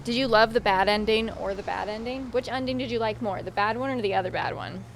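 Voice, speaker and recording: A woman's voice: fairly high pitch, fast, creaky, slight background noise. A young adult woman streamer giving casual, chatty gameplay commentary, swearing freely and talking to her chat.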